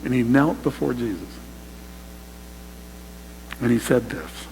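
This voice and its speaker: A man's voice: mid-range voice, lively intonation, slow, creaky, darkish tone, long reverb tail, a little hiss or hum, poor audio. A man preaching a sermon to his congregation, emphatic and direct, often calling them "you guys". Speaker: pastor. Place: church sanctuary.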